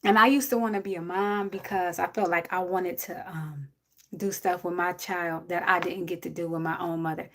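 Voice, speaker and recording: A woman's voice: fairly low pitch, fairly even intonation, normal speed. A woman, giving blunt, preachy advice to a viewer on a casual livestream. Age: 40s.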